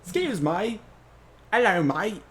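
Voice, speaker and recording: A man's voice: high-pitched, big pitch swings, slow, background noise, voice pushed up, exaggerated voice. A man trying out a cheerful, goofy male cartoon frog's voice with a put-on Australian accent. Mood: cheery.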